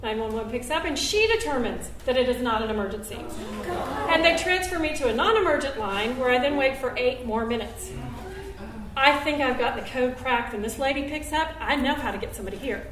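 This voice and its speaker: A high-voiced woman tells a true story live on stage. She acts out each quote with sudden jumps in pitch and volume. Her sharp, bright voice carries through an echoey venue, caught from some distance with faint room noise behind it. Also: expressive, brisk. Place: stage at a benefit show.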